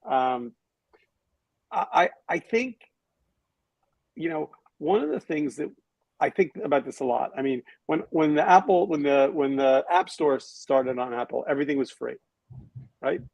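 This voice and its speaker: Gravelly wry man hosting. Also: fairly high pitch, expressive, measured pace, pauses often, a little mellow, no room sound, poor audio. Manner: wry, sarcastic, thinks aloud with restarts. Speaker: podcast host. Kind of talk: casual panel discussion.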